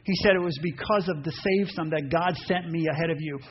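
A man preaching a sermon, animated, acting out voices and reading scripture aloud. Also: fairly high pitch, a little fast. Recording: dull muffled sound with faint noise.

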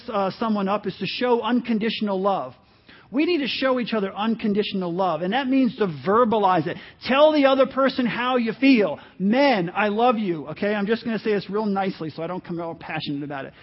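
Earnest male pastor, high voice, conversational sermon, dull lo-fi church recording. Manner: earnest, encouraging, conversational with asides. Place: church sanctuary.

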